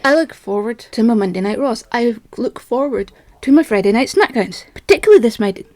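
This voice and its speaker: A woman's voice: on the high side, moderate pace, a little mellow, no echo. A woman ranting in an agitated, rambling, self-mocking monologue, a little out of breath. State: slightly out of breath. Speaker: vlogger.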